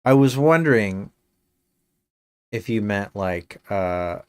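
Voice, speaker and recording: A man's voice: lowish voice, animated, takes it slowly, clear, resonant tone, no echo. A male game streamer chatting casually on a live stream, rambling with many fillers and slipping in dry jokes.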